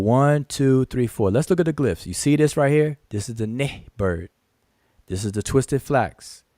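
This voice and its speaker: A man with a low voice leads a screen-share lesson, emphatic and full of repeats as he points things out. He counts figures aloud and keeps circling back. His voice is recorded dry and close, with no room sound. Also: dark tone, dry recording. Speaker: channel host teaching hieroglyphs.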